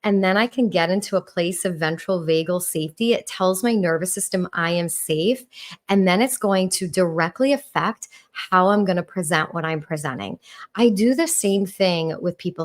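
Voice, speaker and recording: Woman, New York accent, middle-aged, warm calm tone, melodic intonation, podcast host. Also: fairly low pitch, normal speed. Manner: warm, calm, speaks with rising and falling intonation. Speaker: podcast host and relationship coach. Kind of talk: podcast talk.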